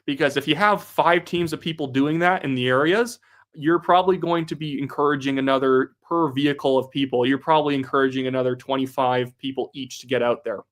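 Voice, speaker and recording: A man's voice: medium pitch, fairly even intonation, fairly quick. A young man from Canada hosting a casual live stream, chatting and reading out viewer comments. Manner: reads viewer comments aloud, chatty and upbeat. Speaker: livestream host.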